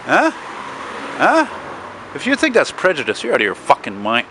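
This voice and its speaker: A man's voice: medium pitch, wildly swooping pitch, quick pace. A man narrating a casual walking vlog outdoors, rambling and swearing as he chats to his viewers. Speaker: vlogger. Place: outdoors on a city street at dusk. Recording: street noise and passing cars. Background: street traffic.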